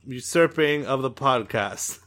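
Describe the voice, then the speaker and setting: A man runs a tabletop role-playing game, narrating and bantering in a relaxed way. His pitch moves lively across his sentences. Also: a little slow. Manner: relaxed, joking with his brother. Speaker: game master.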